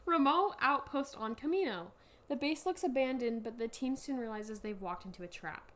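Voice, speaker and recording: A young woman co-hosting a casual podcast, reading a story aloud in halting bursts and laughing often. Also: fairly high pitch, fairly bright tone. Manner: giggly, reads in halting bursts with frequent laughs. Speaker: podcast co-host.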